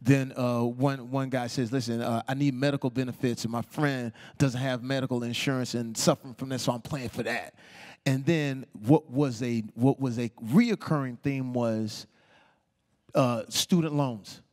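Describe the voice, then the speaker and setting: Animated man telling stories onstage. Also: medium pitch, normal speed. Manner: animated, acts out quoted people. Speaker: guest. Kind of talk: storytelling in a stage interview. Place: onstage talk before a live audience.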